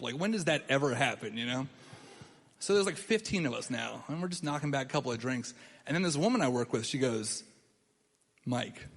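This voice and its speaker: A young man tells a rambling story on a comedy stage, his voice pitched somewhat high. He is animated and breaks into laughter at his own lines, slipping into voices for other people. The sound rings with a long club reverb. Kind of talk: stand-up storytelling.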